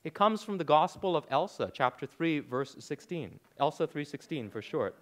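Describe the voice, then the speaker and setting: A man in his thirties preaching a sermon, animated, with rhetorical questions and dry sarcasm. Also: fairly high pitch, normal speed. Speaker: pastor.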